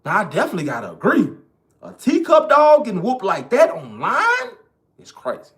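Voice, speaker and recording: A man's voice: high-pitched, wildly swooping pitch, normal speed, fairly bright tone. A man ranting in casual, profane, emphatic commentary straight to his viewers. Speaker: online commentator.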